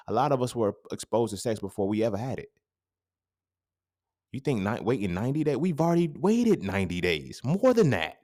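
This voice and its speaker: A man in his thirties hosting a podcast, talking in a casual, profane monologue that swings into sudden loud outbursts. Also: mid-range voice. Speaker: podcast host.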